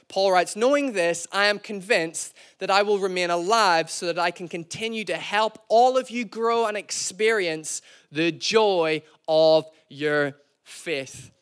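High-voiced man preaching a playful sermon. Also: fairly bright tone, clear, resonant tone. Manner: playful, self-deprecating storyteller, calls to the church. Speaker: pastor. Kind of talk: sermon with storytelling.

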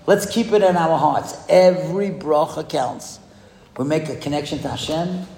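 A man giving an animated sermon with storytelling, asking the audience rhetorical questions. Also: normal speed, creaky. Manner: animated, rhetorical questions, swings pitch widely for emphasis. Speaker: rabbi speaking to a school audience. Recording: echoey hall, heard from a distance.

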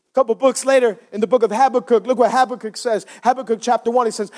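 A man preaching a sermon in a church as pastor, with an impassioned delivery that climbs high when he voices cries to God. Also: fast, few pauses.

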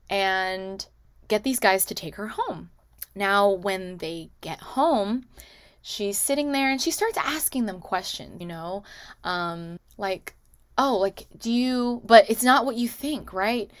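With a mid-range voice and no room sound at all, this woman does a casual movie recap vlog. She's chatty, sprinkling in "like" and "you know," and tosses off characters' lines as quick quotes.

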